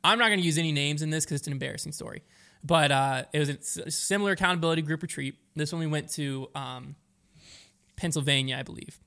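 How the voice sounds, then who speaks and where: Brief: young male co-host, rapid chatty delivery, somewhat high voice, lots of fillers. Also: vocal fry, sharp tone. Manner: rapid, rambling, quotes friends in raised voices. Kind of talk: casual storytelling chat.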